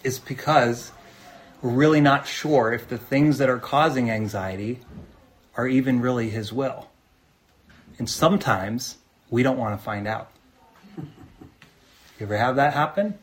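A man preaching a sermon in an earnest, conversational way, often asking his listeners rhetorical questions. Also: mid-range voice. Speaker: pastor.

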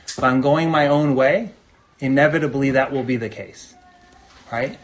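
A man's voice: mid-range voice, normal speed. Earnest man preaching conversationally. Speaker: pastor. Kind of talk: sermon.

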